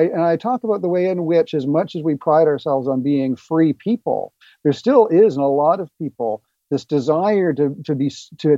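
A man's voice: a little high, mellow, no room sound, lo-fi sound. A man, an author guesting on a show, explaining his ideas earnestly with hesitant fillers over a remote connection. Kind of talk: remote interview.

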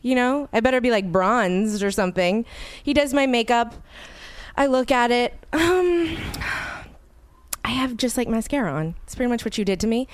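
A woman hosting a podcast, telling a story in a lively, animated way, acting out the people in it and swearing freely. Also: a little high, a little fast, clear, resonant tone, no echo. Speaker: podcast host. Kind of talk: casual storytelling chat.

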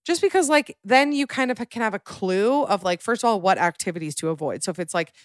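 A woman's voice: medium pitch, lively intonation, dry recording, studio quality. A woman hosting a podcast, bubbly and chatty, talking casually with her partner. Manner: bubbly, chatty, quick bursts. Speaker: podcast host. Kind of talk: casual chat.

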